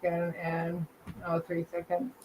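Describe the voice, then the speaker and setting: A woman's voice: lowish voice, monotone, measured pace, darkish tone, a little hiss or hum, low-quality recording. A woman musician guesting on a stream, chatting casually, hesitant and laughing nervously. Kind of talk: casual chat.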